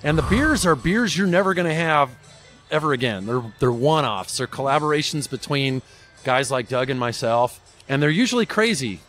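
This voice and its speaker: A man's voice: mid-range voice, animated, moderate pace, fairly bright tone, faint music behind. A man, a brewmaster guest, talking casually and easily in a brewery tasting room. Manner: easygoing, talks through with fillers. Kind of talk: casual chat.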